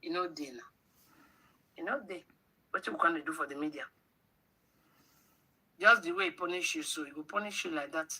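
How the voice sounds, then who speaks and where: A woman's voice: sits low, fairly quick, long pauses, sharp tone, husky, poor audio. A woman with a Nigerian accent hosting a livestream, scolding her audience with rhetorical questions and slipping into pidgin. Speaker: livestream host. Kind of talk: livestream commentary.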